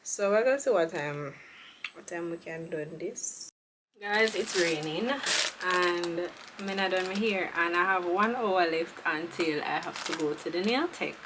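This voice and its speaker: A woman's voice: fairly low pitch, unhurried, noisy background. A young woman, chatting casually and with slang to her viewers in a beauty vlog. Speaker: beauty vlogger.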